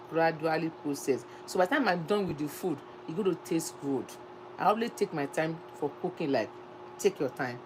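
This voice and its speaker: A woman's voice: a little hiss or hum, rough recording. A middle-aged woman, hosting her cooking channel and talking in a casual, emphatic way that repeats her points. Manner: emphatic and repetitive, lively swings between high and low. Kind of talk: casual vlog monologue.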